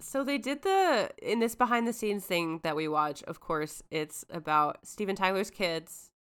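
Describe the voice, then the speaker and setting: Giggly woman with a lively voice. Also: mid-range voice, smooth. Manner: giggly, chatty, quick recaps. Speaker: podcast co-host. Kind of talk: casual chat.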